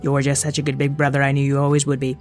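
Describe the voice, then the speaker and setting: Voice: mid-range voice, completely flat delivery, faint music behind, close to an everyday voice. A performer voicing a weary but doting mother who brushes off her kids' worries. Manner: fond, brisk, dismissive. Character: tired, doting mother in denial.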